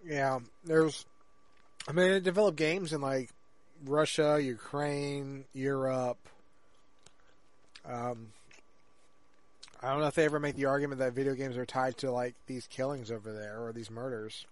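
A man's voice: medium pitch, steady tone, unhurried, pauses often. A man co-hosting a podcast, chatting casually and rambling with lots of fillers and restarts. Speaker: podcast co-host. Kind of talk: casual chat.

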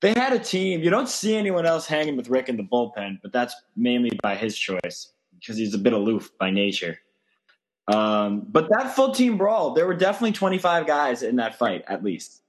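A man's voice: medium pitch, very animated, moderate pace. A man with an ordinary mid-range voice co-hosts a casual sports podcast. He talks in an opinionated, matter-of-fact way. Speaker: podcast co-host.

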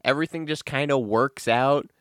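Wry deadpan man chatting. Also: medium pitch, normal speed, dry recording, clean studio sound. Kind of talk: casual chat.

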